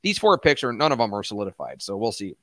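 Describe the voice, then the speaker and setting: A man's voice: lowish voice, very animated, fast, bright, forceful tone, no room sound, studio quality. A young man hosting a casual crypto livestream, chatting with viewers as man and dude, swearing and flaring into rants. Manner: swears, flares into ranting outbursts; laid-back, calls viewers man and dude.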